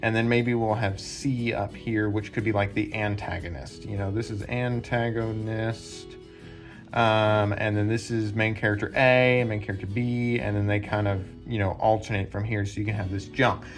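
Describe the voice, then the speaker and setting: A man's voice: lowish voice, steady tone, moderate pace, faint music behind. Rambling man explaining at a whiteboard. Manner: rambling, filler-heavy, sketches diagrams while talking. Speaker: book channel host. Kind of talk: casual explanatory talk at a whiteboard.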